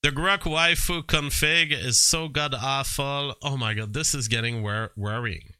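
A man giving casual commentary and reading text aloud from a screen, halting and full of fillers, with bursts of disbelief. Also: mid-range voice, pushed and bright, smooth, no room sound.

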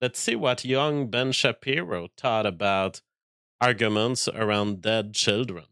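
A man streams casual political commentary and reads out chat messages. He talks quickly, full of fillers and restarts. His voice is bright and smooth, recorded dry and close. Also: on the low side, no echo. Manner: fast, filler-heavy, halting restarts.

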